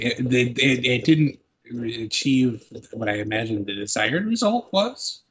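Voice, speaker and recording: A man's voice: mid-range voice, expressive, unhurried, a bit bright, slightly rough, muffled recording. A man co-hosting a podcast, telling amused, profane stories about wrestling segments. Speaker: podcast co-host. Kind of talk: casual wrestling recap chat.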